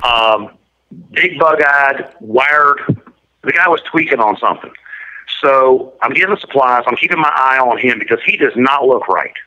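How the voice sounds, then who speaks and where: A man's voice: mid-range voice, expressive, moderate pace, pushed and bright. A man giving an interview and telling a story in a blunt, matter-of-fact, detailed way. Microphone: prison phone line. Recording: muffled lo-fi line.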